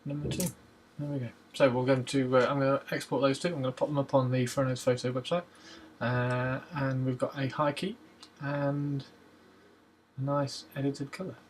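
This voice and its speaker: Man, mid pitch, easygoing self-talk while editing, faint background noise. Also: moderate pace. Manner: relaxed, muttering to himself as he works, hums while waiting. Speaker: photo editing vlogger. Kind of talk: casual talk-through of a photo edit.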